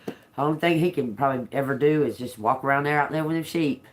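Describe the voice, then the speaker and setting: Talking fast in a bass voice, this woman gives a laid-back tarot reading full of lively storytelling. She laughs a lot and doesn't hold back on profanity.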